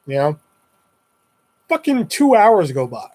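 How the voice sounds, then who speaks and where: Young guy, kinda high voice, swearing a lot, ranting about pizza job customers. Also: expressive. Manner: profane, rambling, acts out customers in quick voices. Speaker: pizza shop worker telling stories. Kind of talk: casual profane storytelling.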